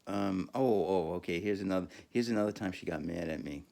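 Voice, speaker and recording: A man's voice: low-pitched, brisk, gravelly, dark tone. A man podcaster telling a rambling, profane story in a casual monologue, full of fillers and laughing at himself.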